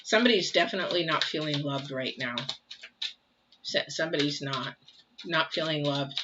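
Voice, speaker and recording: Over a noisy background, an older woman with a deep voice gives an easygoing tarot reading at a moderate pace. She chats on, circles back to the same phrases, and poses questions she doesn't expect answered. The audio is dull and lo-fi.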